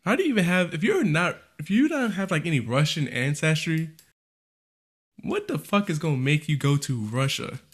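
A man's voice: on the high side, big pitch swings, breathy edge. Joking, laughing man on a podcast. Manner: joking, laughs often, profane, bursts of fast talk. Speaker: podcast co-host. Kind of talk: casual podcast banter.

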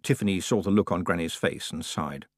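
A man narrating an audiobook in a lively, expressive storytelling manner. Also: low voice, fairly quick, no room sound, studio quality.

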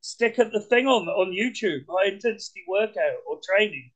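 A man with a British accent, talking as a podcast guest in an energetic, blunt way, swearing casually. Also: high voice, normal speed, low-quality recording. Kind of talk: casual conversation.

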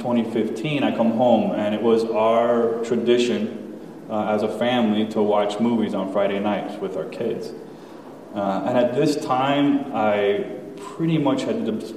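Man, thirties, church testimony, low voice, candid and chatty, reverberant hall, heard from a distance. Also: a little hiss or hum. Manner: candid, conversational, with frequent fillers and soft laughs. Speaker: church speaker sharing a personal testimony. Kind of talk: personal testimony before a congregation. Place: church sanctuary. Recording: echoey hall, voice from far off.

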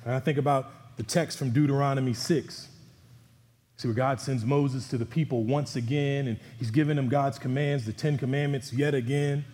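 A man's voice: mid-range voice, fairly even intonation, moderate pace, darkish tone. Male pastor, mid-range voice, earnest conversational sermon, church hall reverb. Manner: earnest and exhorting, with conversational asides. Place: church sanctuary.

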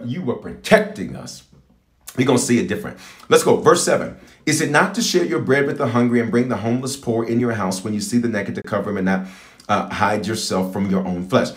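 A man's voice: mid-range voice, fast, echoey room. A man preaching a livestreamed prayer sermon, repeating phrases and calling on listeners to say things back. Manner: animated, repetitive call-and-response preaching. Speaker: bishop preaching.

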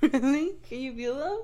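Giggly high-voiced young woman, lively. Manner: giggly, animated, swears. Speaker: podcast co-host. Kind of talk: casual chat.

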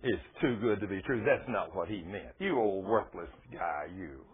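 A man doing a sneering male devil whose low, husky voice mocks a listener as worthless. It sounds drawn out and dark, and it comes through a thin, phone-like radio broadcast. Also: lively intonation, moderate pace, heavily acted.

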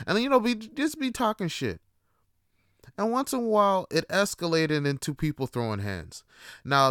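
A man's voice: mid-range voice, fairly bright tone, clear, resonant tone, no room sound, studio quality. Profane man ranting casually. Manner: profane, casual, many "you know" fillers. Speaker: podcast host. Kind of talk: comedic storytelling rant.

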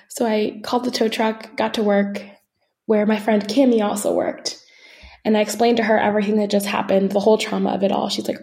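Female podcast co-host, mellow tone, candid conversational storyteller. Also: medium pitch, level tone, fairly quick, vocal fry. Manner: conversational, many fillers and asides.

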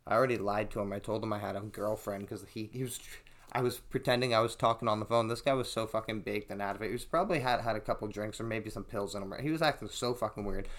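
A man's voice: fairly low pitch, quick pace. Profane man telling a wild story. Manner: profane, animated storytelling, acts out quotes. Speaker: podcast host. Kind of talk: casual storytelling.

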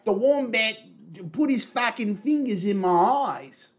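A brash, crude Australian bruiser who barks every line loud and high, as a man puts him on. The accent is thick and overdone, and he swears freely. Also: lively intonation, measured pace. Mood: mocking. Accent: exaggerated Australian.

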